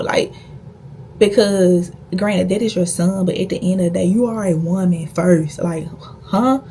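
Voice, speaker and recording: A woman's voice: medium pitch, normal speed, mellow, slight background noise. A young woman vlogger telling a personal story in a blunt, profane, emphatic way. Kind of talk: casual storytime.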